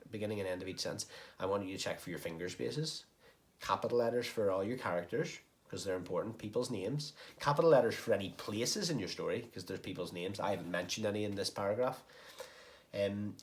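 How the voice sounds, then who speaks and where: A primary school teacher with a fairly low voice, walking young pupils through a story they are writing. He is encouraging and explains each point patiently, one step at a time. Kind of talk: recorded home-learning lesson.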